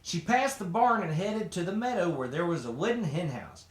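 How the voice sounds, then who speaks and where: A man reads a children's story aloud with lots of expression. His voice sits high and swings widely from line to line. A roomy echo follows him. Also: normal speed. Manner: expressive, animated. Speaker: storybook reader.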